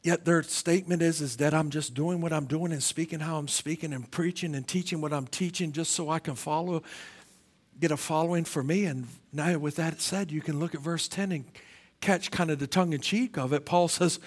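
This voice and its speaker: High-pitched man preaching with swings in volume. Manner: swings from loud emphatic preaching to quiet, low, drawn-out questions; repeats words when starting phrases. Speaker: pastor. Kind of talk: sermon. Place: church.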